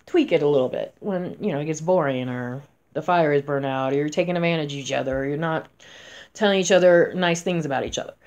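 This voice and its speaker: A woman in her forties, a spellcaster, talking casually to camera in a chatty, emphatic way, going from loud to soft. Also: lowish voice. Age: 40s.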